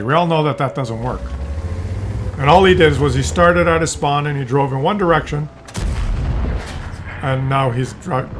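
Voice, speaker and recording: A man's voice: mid-range voice, fairly bright tone, a little hiss or hum. A man giving casual gameplay commentary, rambling and joking as he drifts off topic. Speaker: gaming commentator.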